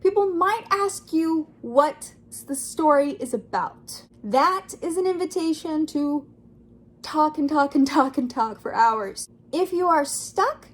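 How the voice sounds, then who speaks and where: Bubbly high-voiced young woman. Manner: bubbly, acts out quoted voices. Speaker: writing vlogger. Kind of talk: casual talk to camera.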